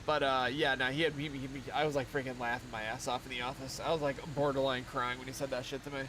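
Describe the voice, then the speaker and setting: A man's voice: mid-range voice, flat delivery, quick pace, noisy background. A young man streaming live, chatting casually in a rambling, profane way and laughing often. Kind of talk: casual chat while streaming a game.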